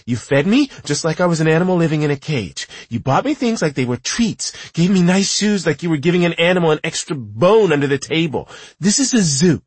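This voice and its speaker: A man voicing an enraged, wounded wife who is sick and armed, ranting in a shrill, accusing, raspy voice. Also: no echo.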